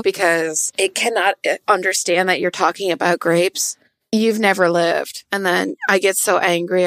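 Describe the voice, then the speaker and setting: A woman co-hosting a tabletop game podcast in casual chat, animated and joking, swearing freely. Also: mid-range voice, creaky, no room sound. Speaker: podcast player and co-host.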